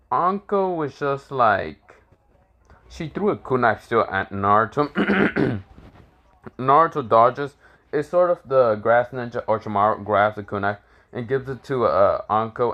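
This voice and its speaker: A man makes up a fan story as he goes, casual and loose. He rambles, backtracks and drops curse words often, in a voice of ordinary pitch. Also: lively intonation, measured pace, fairly bright tone, dull audio. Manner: rambling, full of fillers and restarts, swears freely. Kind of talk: casual improvised fan-fiction narration.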